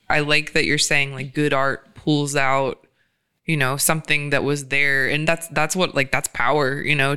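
Guy on a podcast, really bright clear voice, thoughtful and laughy, lots of "like". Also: on the high side. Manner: reflective, laughs often, many fillers. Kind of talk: casual chat.

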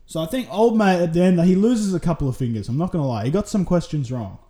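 A man's voice: a little high, expressive, fast, dark tone. A man with an Australian accent hosting a solo podcast, rambling through a casual, sweary monologue full of tangents. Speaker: podcast host.

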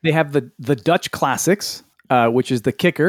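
A man's voice: fairly high pitch, moderate pace, no echo, studio quality. A middle-aged man co-hosting a podcast, reading a menu aloud with wry amusement and casual swearing. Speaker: podcast co-host. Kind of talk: casual chat.

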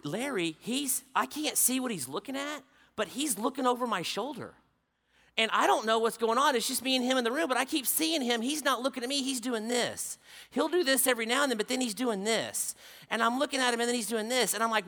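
High-voiced, bright male preacher telling a story. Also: a little fast. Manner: dramatic swings between loud exclaiming and hushed narration. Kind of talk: sermon storytelling.

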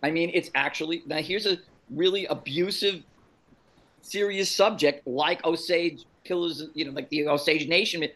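A man with a fairly high voice talks about films in an easy, chatty way. He gets animated, stumbles through restarts and throws in quoted movie lines as he goes. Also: moderate pace, poor audio. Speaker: podcast co-host. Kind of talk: casual film chat.

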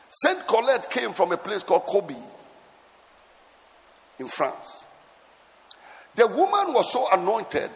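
A man preaching a sermon with emphatic repetition, swinging between soft asides and loud exclamations, at times half-singing his lines. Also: high-pitched, long reverb tail. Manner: sometimes lapses into a sung cadence.

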